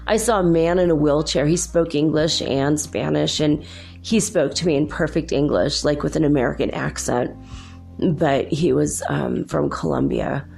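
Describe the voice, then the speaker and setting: A woman and mother hosts her own talk show, telling personal stories in a loose, rambling way. Her voice sits low and has a gravelly edge, and she laughs often between thoughts. Faint music plays quietly behind her. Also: normal speed. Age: adult with children. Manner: rambling, chatty, laughs often, many "like"s and restarts. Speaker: host. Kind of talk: casual personal storytelling.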